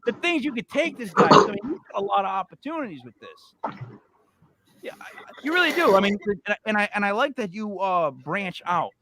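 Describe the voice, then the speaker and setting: A man hosting a casual paranormal talk show, excitable and stammering as he jumps between ideas. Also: high-pitched, a little fast, background noise. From Italian-American. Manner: excitable, stammers and repeats words. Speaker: podcast host. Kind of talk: casual chat.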